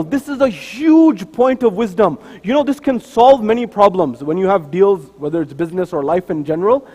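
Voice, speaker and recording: High-voiced man preaching in a reverberant hall. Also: a little mellow. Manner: acts out the dialogue of figures in his story. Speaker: speaker at a mosque. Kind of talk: sermon storytelling. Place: mosque hall.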